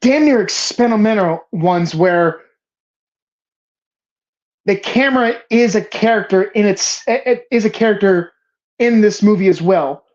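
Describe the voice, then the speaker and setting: A woman hosts a casual film show, gushing and cursing as her thoughts tumble out in restarts. Her pitch sits in an ordinary middle range. The recording has a slightly muffled, lo-fi quality. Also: unhurried, long pauses, a little mellow. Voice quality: emphatic, profane, rambling with restarts. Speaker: host of a movie bracket show. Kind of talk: casual, passionate film talk. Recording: slightly dull lo-fi sound.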